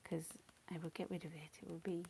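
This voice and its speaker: A middle-aged woman, chatting casually and rambling while she paints, often slipping into soft whispers. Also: fairly low pitch, level tone, a little fast, gravelly, a little hiss or hum. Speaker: painting channel host.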